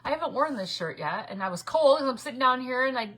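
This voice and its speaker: A woman's voice: sits high, lively intonation, fast, fairly bright tone, breathy edge. A middle-aged woman hosting a casual craft livestream from her home craft room, chatty, laughing often and greeting viewers by name. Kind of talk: casual live-stream chat.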